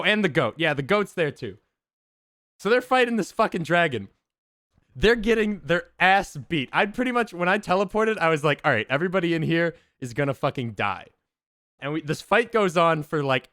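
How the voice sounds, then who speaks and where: A man streamer excitedly telling a tabletop game story to his chat, swearing and laughing often. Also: high voice, smooth, no room sound, studio quality.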